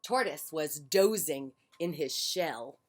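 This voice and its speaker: A woman reading a children's picture book aloud on her porch, in a gentle storytelling manner. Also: low voice, lively intonation, slow pace. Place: on a porch outdoors.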